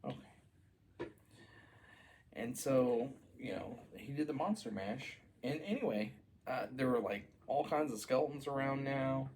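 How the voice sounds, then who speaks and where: A man spinning an improvised story for children, wandering along with a lot of "you know" and "uh". His pitch is lively and moves around as he tells it, and there is faint noise in the background. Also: normal speed. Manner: rambling, full of "you know" and "uh".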